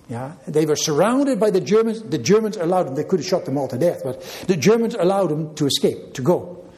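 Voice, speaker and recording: A man's voice: high-pitched, warm tone. An older man preaching a sermon, repeating key phrases with emphasis and checking in with listeners.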